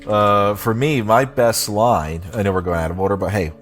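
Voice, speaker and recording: A man's voice: lowish voice, fairly even intonation, normal speed, faint music behind. A man hosting a casual film podcast, playful and laughing, steering his co-hosts through the discussion. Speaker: podcast host.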